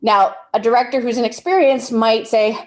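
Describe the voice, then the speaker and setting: A woman's voice: fairly high pitch, fairly even intonation, normal speed, a little mellow. A woman giving a casual workshop talk on directing actors, explaining with everyday examples and often restarting her sentences. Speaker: film directing instructor.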